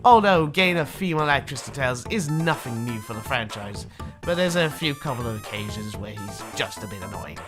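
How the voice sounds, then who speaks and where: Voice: mid-range voice, animated, brisk, music in the background. A video reviewer giving casual, opinionated, sarcastic commentary.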